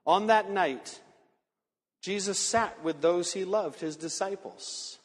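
A man with a high, light voice preaches a sermon in a church sanctuary. He tells stories earnestly and slows down on the words he wants to land. His voice rings out with a long hall reverb behind it. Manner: earnest storytelling, slowing for emphasis. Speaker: pastor.

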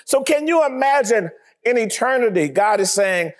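Animated high-voiced male preacher. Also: moderate pace. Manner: animated, acts out scenes, laughs often. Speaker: pastor. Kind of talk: sermon.

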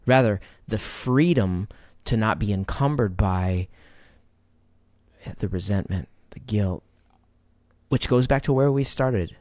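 A man's voice: lowish voice, slow pace, pauses often, a little mellow, no room sound, studio quality. A man hosting a podcast, affirming his guest and summing up the guest's points in lofty, reflective words. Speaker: podcast host. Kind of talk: reflective interview questions.

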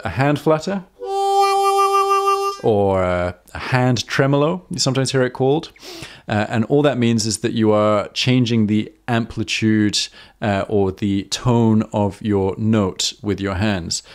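Relaxed male harmonica teacher on a live stream, fairly low voice, lots of ums. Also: measured pace, faint music behind. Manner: chatty and self-correcting, with many ums and uhs.

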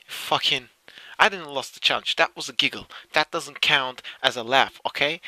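A man's voice: mid-range voice, normal speed, very noisy. A young man giving casual reaction commentary, swearing often and insisting he is not laughing while giggling. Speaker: streamer reacting to clips.

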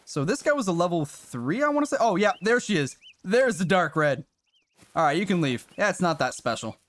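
Excitable male game streamer, lively pitch. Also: a little fast. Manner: excitable, swears, chats to viewers. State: briefly out of breath. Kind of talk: casual live-stream commentary.

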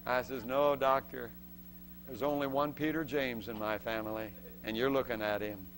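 A man preaching a sermon as a testimony, telling a story with lively acted-out voices and laughs between points. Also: medium pitch, moderate pace, a little hiss or hum. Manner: acts out voices in the story and shouts the excited parts.

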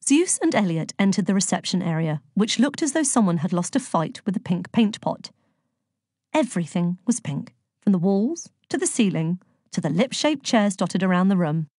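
A woman's voice: mid-range voice, animated, normal speed, darkish tone, dry recording. Woman reading an audiobook, dry sound. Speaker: audiobook narrator. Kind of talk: scripted narration.

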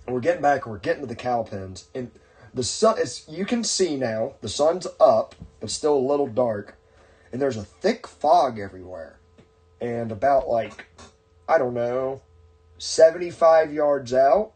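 A man's voice: medium pitch, animated, measured pace, a little mellow. A man hosting a podcast and telling a long story in casual chat, rambling with many fillers and restarts. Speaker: podcast host.

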